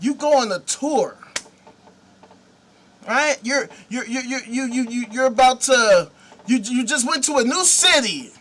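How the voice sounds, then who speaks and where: High, bright voice in a slow, sarcastic rant. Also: animated. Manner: sarcastic, mocking, swears freely. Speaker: host. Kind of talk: profane comedic rant.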